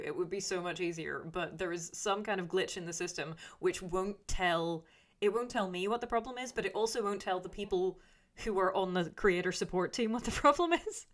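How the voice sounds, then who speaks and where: Woman streamer, lowish voice, rambling and chatty, reading chat aloud, full of fillers. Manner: reads viewer comments aloud and answers them. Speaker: YouTuber reading live chat. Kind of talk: casual livestream chat.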